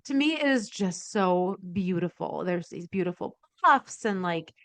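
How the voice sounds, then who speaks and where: An energetic woman in her forties telling stories as a podcast guest, full of fillers and quick asides. Her voice is smooth and clear at a middle pitch. The recording is dry and close. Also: no echo. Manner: energetic storyteller, many fillers. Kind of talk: casual interview chat.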